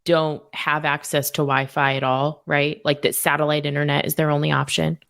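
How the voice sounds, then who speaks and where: Low-pitched earnest female co-host. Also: flat delivery, normal speed, creaky, fairly bright tone. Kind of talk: casual chat.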